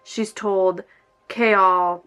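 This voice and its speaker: A woman chatting casually in a reading vlog, excitable and gushing, with bursts of quick talk, filmed at home. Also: mid-range voice, clean tone. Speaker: book vlogger.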